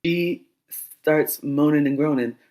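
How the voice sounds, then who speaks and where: Low-pitched woman, animated storyteller, guest role. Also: takes it slowly. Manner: lively storyteller who acts out the dialogue and laughs. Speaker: doula and guest. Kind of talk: casual storytelling interview.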